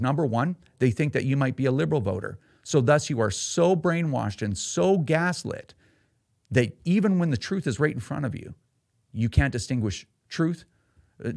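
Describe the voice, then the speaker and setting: A man's voice: medium pitch, vocal fry, no room sound, clean studio sound. A man hosting a political podcast, heated and sarcastic, rambling with frequent restarts. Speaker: podcast host.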